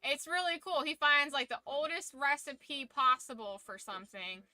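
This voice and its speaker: A woman's voice: sits high, lively intonation, normal speed, sharp tone, dry recording, poor audio. A woman streamer chatting casually with her viewers, rambling and chatty, swearing freely and trailing off mid-thought. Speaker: streamer hosting a watch-along. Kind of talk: casual live chat.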